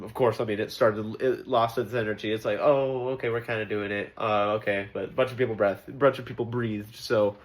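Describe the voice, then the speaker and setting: Casual male vlogger, rambling choir critique, lots of ums and restarts, nerdy enthusiasm, mid-pitched voice. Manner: rambling, many fillers and restarts; enthusiastic about music details. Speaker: choir member giving feedback. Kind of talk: casual spoken critique and explanation.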